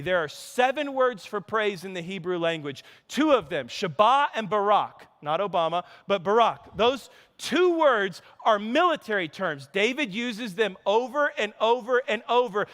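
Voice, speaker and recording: A man preaching a sermon as pastor, telling stories with animated delivery and acting out characters' voices. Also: high-pitched, in a large hall. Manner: energetic storytelling preacher, acts out characters' lines. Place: church sanctuary.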